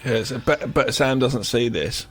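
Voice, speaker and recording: A man's voice: medium pitch, a little slow, faint music behind. A man co-hosting a podcast, chatting casually and acting out movie scenes as he retells them. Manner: animated retelling, acts out scenes. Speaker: podcast co-host. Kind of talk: casual film chat.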